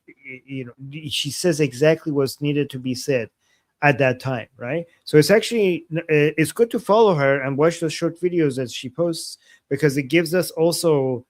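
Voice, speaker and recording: A male co-host of a live analysis stream chats casually, rambling and restarting sentences with lots of "like." His voice is medium-pitched, and the studio-quality recording has no room sound.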